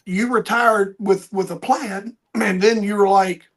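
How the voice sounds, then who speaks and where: Male podcast host, high husky voice, animated storyteller. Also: a little slow. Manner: animated storyteller, acts out quoted people. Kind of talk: casual conversation.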